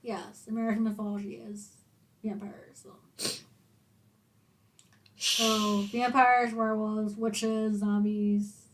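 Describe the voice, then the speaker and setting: A woman's voice: medium pitch, flat delivery, takes it slowly, long pauses, a little hiss or hum. A woman co-hosting a podcast in casual chat, explaining matter-of-factly and laughing often. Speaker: podcast co-host.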